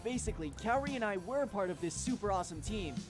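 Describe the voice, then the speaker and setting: A man's voice: high-pitched, expressive, fast talker, breathy edge. Breezy, boastful young guy, a man reading him, music bed behind. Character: cocky young male teammate.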